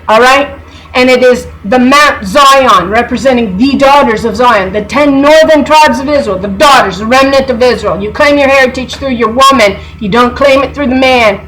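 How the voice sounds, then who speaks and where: Woman, bible study video, reads verses emphatically, higher pitch, faint background hiss. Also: a bit bright, low-quality recording. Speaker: bible teacher.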